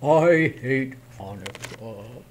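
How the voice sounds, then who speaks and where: A man voicing a big, fat, greedy male goblin who talks in a low, whiny way. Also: animated, very slow, darkish tone, slight background noise. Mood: whining.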